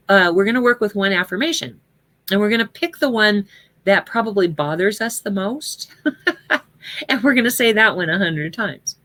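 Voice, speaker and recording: A woman's voice: fairly low pitch, a bit bright, no echo. A woman teaching a class on prosperity affirmations in a casual, earnest way, with many fillers. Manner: chatty and earnest, with many fillers and occasional laughs.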